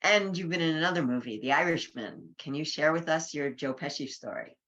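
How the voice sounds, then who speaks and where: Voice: medium pitch, lively intonation, a little fast, fairly bright tone, highs cut off. An interviewer asking questions, appreciative and hesitant, with many fillers.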